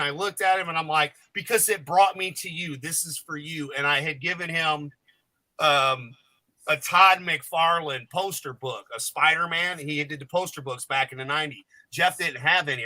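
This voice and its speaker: A man's voice: fairly high pitch, sharp tone, no echo, poor audio. A man telling jokey, rambling, profane stories as a guest on a podcast panel. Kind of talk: casual storytelling chat.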